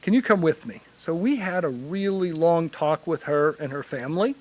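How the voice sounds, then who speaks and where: A man from Illinois who works as a hospital chaplain, telling lively stories to a forum audience. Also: a little high, moderate pace, poor audio. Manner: animated anecdotal storytelling. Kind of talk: conference panel storytelling.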